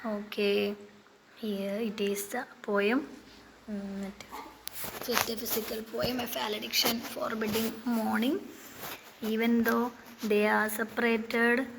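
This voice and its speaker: Lady quizzing herself on a poem, slow and careful, bit of hiss behind. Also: fairly high pitch, flat delivery, gravelly. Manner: asks questions then answers them, halting restarts. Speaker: teacher. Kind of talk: quiz-style poetry lesson. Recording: faint background noise.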